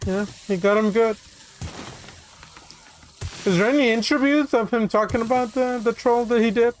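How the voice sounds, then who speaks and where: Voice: mid-range voice, moderate pace, a little hiss or hum. A podcast co-host in casual chat, reacting bluntly and with plenty of swearing. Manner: blunt, profane, reacts with short backchannels.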